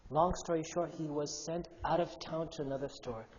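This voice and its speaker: A man's voice: fairly high pitch, normal speed, darkish tone. A male imam giving a youth sermon in a mosque hall. He tells a story with animation and asks the audience questions. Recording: dull, echoey hall recording with faint hum.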